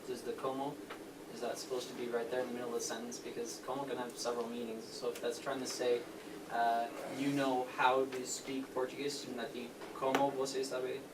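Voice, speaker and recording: A male student asks a halting question in a flat, even voice. He sounds far from the mic, under loud background noise. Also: medium pitch. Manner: hesitant, questioning. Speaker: language student. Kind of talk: asking a question in class.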